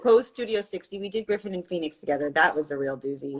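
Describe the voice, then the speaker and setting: A woman's voice: on the low side, animated, fast talker, poor audio. A woman hosting a casual live stream, bantering in a teasing, dry, playful way. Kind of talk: casual chat. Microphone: phone.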